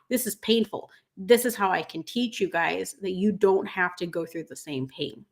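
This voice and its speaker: A woman in her thirties hosting a livestream, tearful after crying, reading viewer comments in an earnest, halting way with many fillers. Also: medium pitch, a bit bright. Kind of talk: emotional livestream chat.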